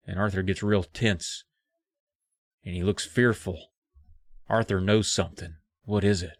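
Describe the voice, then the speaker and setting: A man's voice: low voice, fairly even intonation, measured pace, long pauses, dry recording. A man co-hosting a podcast, animatedly retelling a story and acting out its characters. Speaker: podcast co-host. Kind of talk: casual chat retelling a book.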